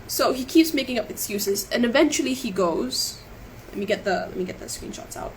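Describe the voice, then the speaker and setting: A woman's voice: a little high, expressive, fairly quick, slight background noise, poor audio. A woman telling her story on a live stream, shaken and close to tears, rambling, apologizing and restarting her sentences. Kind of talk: emotional live stream monologue.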